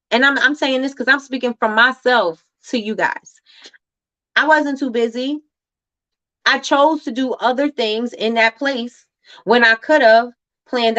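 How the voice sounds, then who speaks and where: A woman's voice: fairly high pitch, sharp tone, dull audio. A woman hosting a motivational livestream, talking emphatically, repeating phrases for effect and reading viewer comments aloud. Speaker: livestream host.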